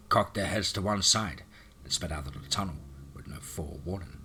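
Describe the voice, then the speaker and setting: Deep-voiced male horror narrator. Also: a little hiss or hum. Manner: dramatic, steady storytelling.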